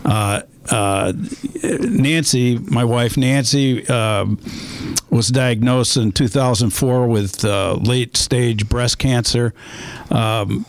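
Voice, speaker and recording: A man speaking as a guest on a radio show, measured and somewhat hesitant, with frequent fillers. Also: medium pitch. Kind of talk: radio interview. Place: radio studio.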